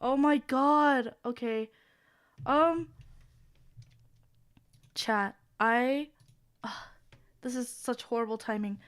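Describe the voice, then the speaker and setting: A woman's voice: high-pitched, fairly bright tone, smooth. A woman streamer in casual live-stream chat, sounding sick as she rambles apologetically between sighs and groans.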